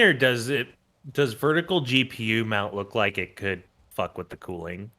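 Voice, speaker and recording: Man with a bright forceful voice. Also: on the low side. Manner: hesitant, halting with restarts. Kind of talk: casual chat with friends.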